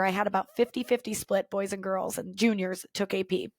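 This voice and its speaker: Woman, podcast host, earnest and reflective, mid-pitched voice, pauses to think, close dry recording. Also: fairly even intonation, dry recording. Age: former teacher, adult. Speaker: podcast host and culture coach. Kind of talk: personal storytelling to listeners.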